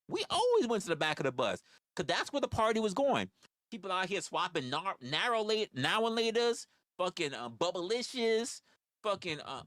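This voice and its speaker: A man's voice: high-pitched, bright, forceful tone, dry recording, studio quality. A man, rambling through profane stories on a casual livestream. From New York. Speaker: livestream host.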